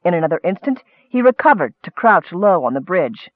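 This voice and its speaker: A man's voice: high voice, very animated, fairly quick, no echo. A man narrating an audiobook, with scholarly asides addressed to a superior, heard through a thin, phone-like recording.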